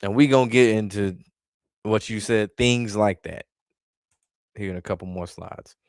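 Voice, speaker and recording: Vlog host, male, low smooth voice, dry close sound, blunt exasperated ranting delivery. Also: unhurried, a little mellow, no echo. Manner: exasperated, blunt, heavy swearing. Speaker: wrestling commentary vlogger. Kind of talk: casual profane rant reacting to chat.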